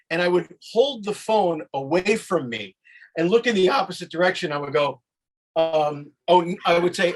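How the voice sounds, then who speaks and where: A man's voice: fairly high pitch, moderate pace, poor audio. A man hosting a podcast in casual chat, telling stories animatedly and swearing freely. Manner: animated storyteller, acts out voices, swears freely. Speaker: podcast host.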